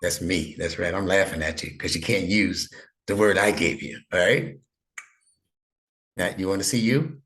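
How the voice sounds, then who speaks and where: A man's voice: sits low, moderate pace, long pauses, fairly bright tone. A middle-aged man giving a one-on-one online lesson to a child, patient and coaxing with playful teasing. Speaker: instructor.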